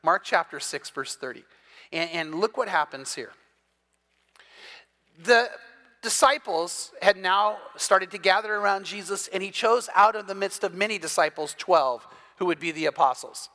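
A man preaching an evening sermon as pastor, retelling scripture in a lively storytelling way and growing loud and emphatic at key points. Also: sits high, normal speed. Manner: builds from quiet to loud, emphatic.

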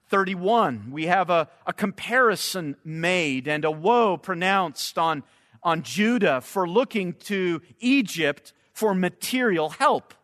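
A man preaching a sermon, slow and emphatic, sometimes repeating words as he searches for the next phrase. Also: high voice, bright, forceful tone. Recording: long hall reverb.

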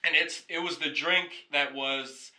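Guy hosting a podcast, super bright tone, rambles thru a story and curses a bit. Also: on the high side, measured pace, low-quality recording. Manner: rambling, self-correcting, swears casually. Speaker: podcast host. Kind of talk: casual storytelling chat.

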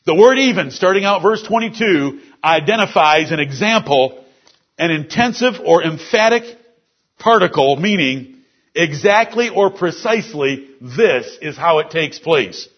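Male pastor, expository sermon, high husky voice, dull lo-fi recording. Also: animated, a little slow. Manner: explains scripture word by word. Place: church service.

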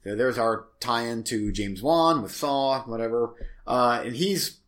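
A man's voice: medium pitch, a little slow, fairly bright tone. A man co-hosting a casual movie review chat, rambling and hesitant as he sums up plots and gives his opinions. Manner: rambling, hesitant, full of restarts. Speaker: podcast co-host.

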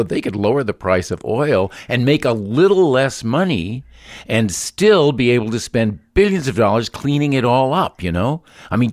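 Lively-pitched man, dry close sound. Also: dry recording. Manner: animated, stammering, chuckling. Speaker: radio comedy co-host. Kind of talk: improvised comedy sketch.

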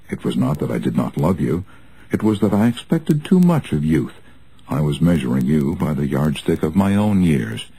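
Deep, husky male audiobook narrator. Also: warm tone, poor audio. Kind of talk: audiobook reading of nonfiction.

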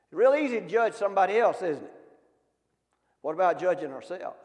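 High-voiced man preaching. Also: expressive, a little fast, darkish tone. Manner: folksy, calls out questions to the congregation. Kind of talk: sermon. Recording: long reverb of a hall.

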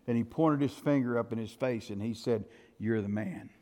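A male pastor preaching a storytelling sermon, swinging from loud outbursts to hushed tones. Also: medium pitch, brisk. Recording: reverberant hall.

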